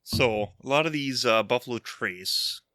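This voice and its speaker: A man's voice: mid-range voice, measured pace, sharp tone, no room sound, studio quality. A man guest in a casual chat, answering in short, matter-of-fact replies. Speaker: guest whiskey collector.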